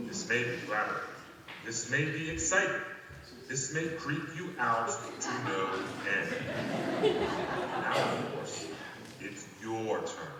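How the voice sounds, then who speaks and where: A man playing a calm, secretive guide. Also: medium pitch, noisy background, close to an everyday voice. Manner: measured, deliberate, hypnotic instruction. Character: calm, secretive male guide giving instructions. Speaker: phone play narrator. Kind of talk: scripted audio play monologue. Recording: echoey hall, voice from far off, faint ambience.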